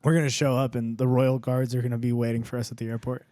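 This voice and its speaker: A man co-hosting a podcast in a jokey, animated way, laughing often. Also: mid-range voice, brisk, no room sound. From Mexican heritage. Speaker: podcast co-host. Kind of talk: casual podcast banter.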